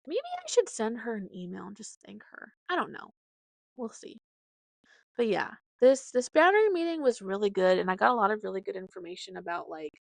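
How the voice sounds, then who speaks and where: A woman's voice: a little high, gravelly, dry recording. A young adult woman hosting a casual solo podcast, talking in a chatty, heartfelt way with many fillers. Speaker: podcast host.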